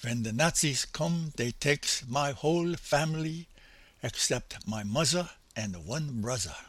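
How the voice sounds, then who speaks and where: Wolfie is a sad young German sailor, talking in a quiet, subdued way with broken English and a thick German accent, as an older storyteller puts him on. The pitch moves freely through each phrase, and the recording is dry and close, with no room sound. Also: male voice, expressive, unhurried, no echo. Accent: German (put on).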